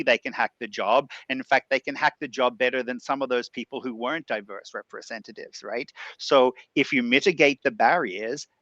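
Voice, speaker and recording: A man's voice: medium pitch, sharp tone, no echo, highs cut off. A man with an Australian accent speaking earnestly on a discussion panel, posing rhetorical questions.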